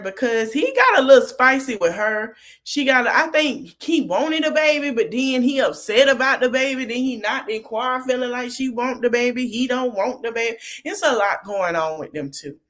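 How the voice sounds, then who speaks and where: A woman's voice: on the high side, animated, moderate pace, hardly any pauses, a bit bright. A woman podcast host casually recapping a TV episode, retelling the scenes line by line in a loose, chatty way. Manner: retells scenes quoting each line of dialogue; loose, conversational with many fillers.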